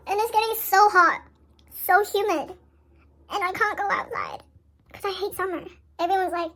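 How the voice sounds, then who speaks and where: High-voiced young woman vlogger rambling. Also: normal speed, pauses often, sharp tone. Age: young adult. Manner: rambling, self-deprecating, laughs often. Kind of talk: casual vlog chat. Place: in bed at home.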